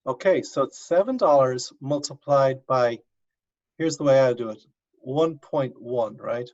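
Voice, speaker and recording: A man's voice: mid-range voice, unhurried, darkish tone. A male university professor teaching an online class, coaxing students step by step over a video call. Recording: dull lo-fi video call audio.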